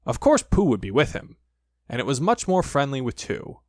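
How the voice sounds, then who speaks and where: Male audiobook narrator, expressive, animated pitch, dry close sound. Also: normal speed, no room sound. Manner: lively, expressive storytelling. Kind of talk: storybook reading.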